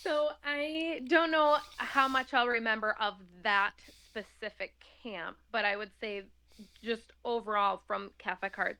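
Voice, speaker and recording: Chatty woman guest, bright voice, laughs a lot, lots of um and like. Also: medium pitch, smooth. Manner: chatty, laughs often, many fillers. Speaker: interview guest. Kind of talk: casual conversational interview.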